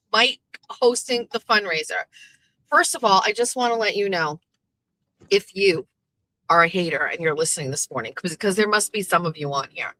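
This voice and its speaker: Bright, chatty New woman host. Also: medium pitch, no room sound, rough recording. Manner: chatty, swears casually, animated storytelling. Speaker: show host. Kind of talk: casual morning show chat.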